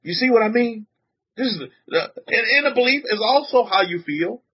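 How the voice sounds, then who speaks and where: Man preaching, husky voice, fairly high, swooping pitch, muffled lo-fi recording. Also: normal speed. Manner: animated preaching, repeats words, questions the audience. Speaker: rabbi teaching a congregation. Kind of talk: sermon. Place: room with a congregation. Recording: dull lo-fi recording.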